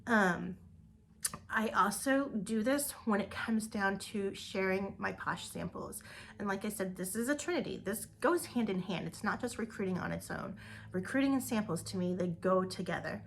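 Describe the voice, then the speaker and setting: A woman's voice: medium pitch, moderate pace, slight background noise. A woman giving an upbeat motivational talk to her direct sales team, repeating words for emphasis.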